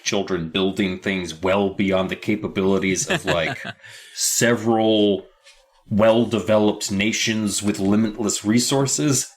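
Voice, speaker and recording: A man with a low-pitched voice hosts a podcast in loose, joking chat. He swears freely and wanders into tangents while he retells a spooky children's book. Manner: loose, profane, jokey, reads passages aloud. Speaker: podcast host. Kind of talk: casual chat, recapping a book.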